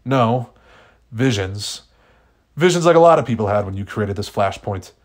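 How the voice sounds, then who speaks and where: A man's voice: fairly low pitch, animated, normal speed. A man reading the lines of a young male speedster from another timeline in a fan fiction story, who talks in an urgent, unsure way. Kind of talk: fan fiction read aloud.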